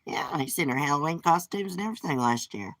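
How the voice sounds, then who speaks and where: A woman's voice: deep voice, lively intonation, fast, fairly bright tone, dry recording. A woman hosting a casual live stream from her porch, talking in a blunt, gossipy and profane way. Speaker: livestream host. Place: outdoors on a porch.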